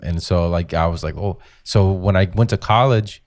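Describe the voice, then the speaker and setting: Low-voiced comedian, loose and profane. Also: male voice, moderate pace, darkish tone, no room sound. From Mexican-American. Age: 40s. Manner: loose, profane storytelling that jumps into mocking quoted voices. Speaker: comedian guest. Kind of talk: casual podcast chat.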